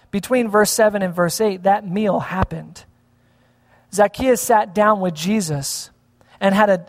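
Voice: medium pitch, big-room sound. A pastor giving a conversational sermon, often asking the congregation questions.

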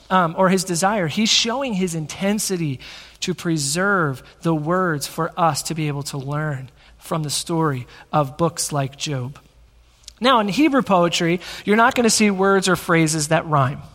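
A man with a high voice delivers a teaching sermon from a church sanctuary. His delivery is energetic and conversational, addressed straight to the people in front of him. Long reverb from the large hall trails after every phrase. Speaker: pastor.

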